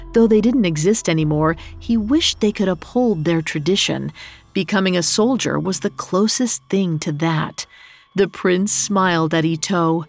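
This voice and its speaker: A woman narrating a story in a steady, measured reading voice. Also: fairly low pitch, creaky.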